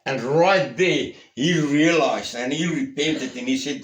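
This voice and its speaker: A slow, deliberate male pastor delivers an earnest sermon. He presses his points, then falls to a hushed, intimate tone. His voice rings through a roomy church hall. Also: medium pitch. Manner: earnest, emphatic, swings from raised to hushed.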